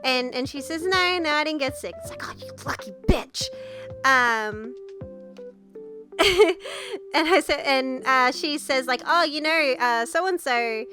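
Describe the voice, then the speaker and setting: A young Australian woman with a high-pitched voice chats through a headset mic. She is sick with the flu and coughs now and then. She laughs often and swears freely. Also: expressive, slow, bright, forceful tone, soft background music. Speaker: streamer. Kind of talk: casual storytelling chat.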